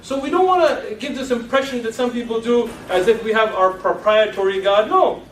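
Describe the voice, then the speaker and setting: Guy lecturing a room, firing off questions and ribbing the crowd, really high voice, echoey hall, faint hiss. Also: a little fast, fairly bright tone, recorded from a distance. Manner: rhetorical questions, teases the audience. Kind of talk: lecture to an audience.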